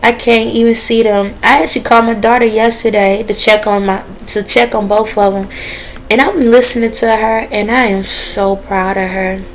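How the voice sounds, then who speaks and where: A woman talking straight to her viewers in a casual, earnest and preachy way, with relaxed dialect grammar. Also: medium pitch, a little hiss or hum, poor audio. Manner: dialect grammar, drawn-out phrasing. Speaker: vlogger. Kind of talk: casual direct-to-camera talk.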